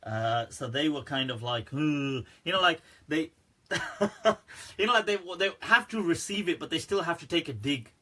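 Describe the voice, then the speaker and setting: A man with a bright, slightly husky voice gives a loose, joking livestream Q&A and laughs often. He talks straight to his viewers and keeps saying "right" and "people" between his points. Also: a little high, animated, normal speed. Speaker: Islamic scholar answering questions. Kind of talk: casual livestream Q&A talk.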